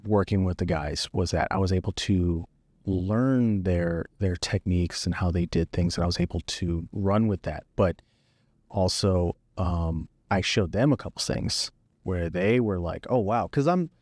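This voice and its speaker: A man with a deep, low voice talks through his creative work in an easy, unhurried way. The sound is close and dry, with no room around it. He speaks like a guest on a casual podcast. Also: no room sound. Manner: relaxed storytelling, easy and conversational. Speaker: guest videographer.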